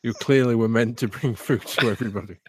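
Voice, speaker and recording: A man's voice: medium pitch, fast talker, slightly rough. A man, running a tabletop game as game master in a casual, joking way. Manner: casual, swears freely, laughs along.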